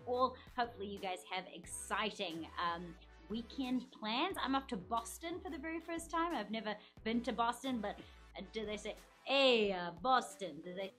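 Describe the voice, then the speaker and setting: A woman's voice: fairly high pitch, pushed and bright. Upbeat woman hosting a live trivia show. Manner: upbeat, chatty, reads viewer comments aloud. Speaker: quiz show host. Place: office studio.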